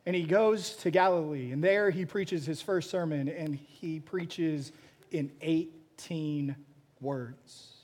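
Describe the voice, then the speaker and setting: A pastor preaching a sermon, telling a story with frequent restarts and repeated words. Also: male voice, on the high side, takes it slowly, a little mellow.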